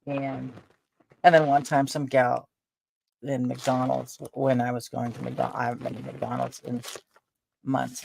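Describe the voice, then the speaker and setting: Older woman with a gravelly voice. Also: very deep voice, slight background noise. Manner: rambling, chatty, with frequent fillers. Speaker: vlogger. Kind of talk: casual chat.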